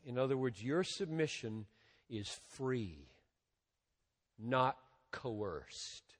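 A man preaching a sermon as a pastor, with emphatic rises and drops in loudness and a slow, deliberate delivery. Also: mid-range voice. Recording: long reverb of a large hall.

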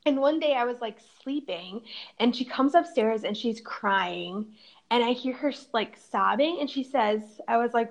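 A woman's voice: a little high, normal speed, creaky. Giggly young woman telling a story. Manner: giggly, chatty storytelling with many "like"s. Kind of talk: casual podcast chat.

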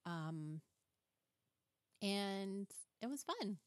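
In casual interview chat, a podcast host speaks in a smooth, medium-pitched voice, drawing out her words. She tells stories animatedly, performing quoted bits along the way, in clean, dry studio sound.

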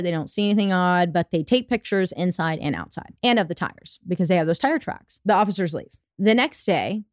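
Chatty swearing woman, low voice, dry sound. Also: dry recording. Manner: profane, chatty, acts out quotes. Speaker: podcast host. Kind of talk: casual true-crime storytelling.

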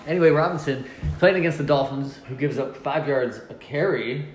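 A man's voice: fairly high pitch, brisk. Jokey man in an echoey room. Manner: jokey, rattles off names and stats. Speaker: podcast host. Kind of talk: casual chat. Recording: echoey room, faint ambient noise.

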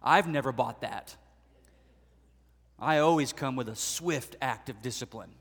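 A male pastor delivers a sermon as lively storytelling, acting out the voices of the people he quotes. His mid-range voice moves at a measured pace, with a big-room sound.

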